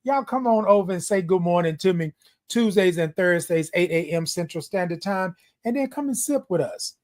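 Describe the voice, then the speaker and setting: A man's voice: sits high, animated, normal speed. A man hosting a live morning stream, talking casually with an affectionate, repetitive, preacher-like delivery and greeting viewers by name. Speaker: host of a live morning show. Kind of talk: casual livestream talk. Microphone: streaming live on social media.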